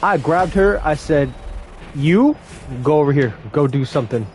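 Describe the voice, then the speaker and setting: A young man telling brash, animated stories about run-ins with customers at his fast food job. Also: fairly high pitch, faint music behind. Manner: brash, animated retelling of confrontations. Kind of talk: casual storytelling vlog.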